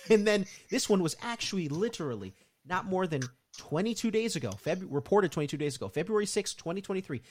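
A man's voice: high voice, expressive, brisk, darkish tone. A man co-hosting a casual podcast, reading out news items and adding sarcastic asides. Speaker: podcast co-host.

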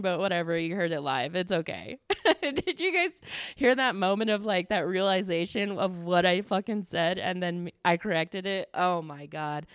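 A woman's voice: lowish voice, expressive, moderate pace, clear, resonant tone, no room sound, clean studio sound. A young American woman hosting a casual solo podcast, telling a story with lots of self-mocking laughter and casual swearing. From United States. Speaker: podcast host.

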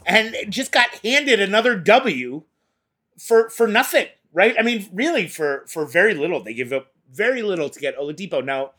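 A man's voice: high-pitched, expressive, moderate pace, fairly bright tone. A man co-hosting a casual sports podcast, rambling with many hesitations. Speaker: podcast co-host.

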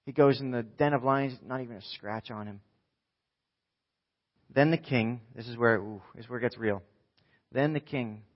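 Animated male preacher, lo-fi sound. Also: medium pitch. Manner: animated storytelling, acting out voices. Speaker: pastor. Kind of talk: sermon.

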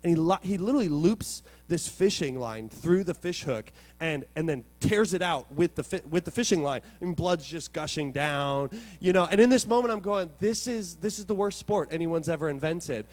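A man with a fairly high voice preaches to his congregation, telling stories with plenty of animation. He drops to quiet reflection, then surges into loud excitement. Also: normal speed, hardly any pauses. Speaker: pastor. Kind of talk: sermon.

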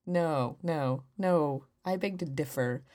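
Low-voiced woman with dry comebacks. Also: darkish tone. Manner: dry, quick comebacks, mock-serious. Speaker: podcast co-host. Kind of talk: casual comedic banter.

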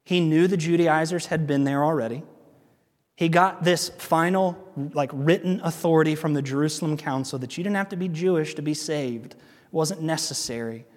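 Male pastor, conversational sermon delivery, emphatic repeats, slightly high voice. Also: normal speed, long reverb tail. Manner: conversational preaching, emphatic repetition.

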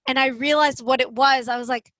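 Brief: young woman, high bright voice, chatty casual storyteller, close dry sound. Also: fairly quick, no echo, low-quality recording. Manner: animated, chatty, lots of "like" fillers.

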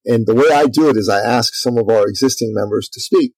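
A man guest on an interview, a business coach telling a story in an energetic, conversational way. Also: medium pitch, fast talker, breathy edge, no room sound, low-quality recording. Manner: energetic, lively storyteller, acts out quotes.

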